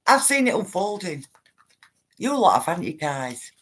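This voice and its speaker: A woman's voice: fairly low pitch, very animated, moderate pace, slightly rough. Blunt woman live-streaming. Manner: blunt, emphatic, repeats herself for stress; addresses viewers directly. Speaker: livestreamer reading viewer comments. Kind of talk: casual live-stream talk.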